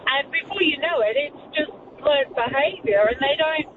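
A woman calling a radio show, talking quickly and saying "like" a lot, over a noisy phone line. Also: high-pitched, distant mic. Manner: fast, uses "like" a lot. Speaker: caller, nanny. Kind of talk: phone-in chat.

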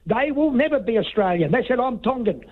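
A man's voice: very high voice, sing-song, brisk. A man calling a talkback radio show who rambles and stumbles, often talking over the host. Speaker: radio caller. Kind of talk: heated talkback call. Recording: tinny phone line.

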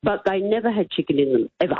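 A woman's voice: mid-range voice, animated, quick pace, husky, dry recording. A woman calling in to a talkback show, precise and insistent about getting her facts right. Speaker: caller. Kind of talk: phone-in talkback call. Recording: tinny phone line.

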